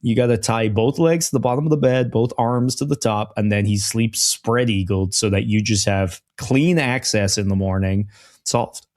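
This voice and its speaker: A man's voice: fairly low pitch, moderate pace, a little mellow. A man co-hosting a podcast, chatting casually and riffing amused jokey advice. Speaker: podcast co-host. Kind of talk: casual chat.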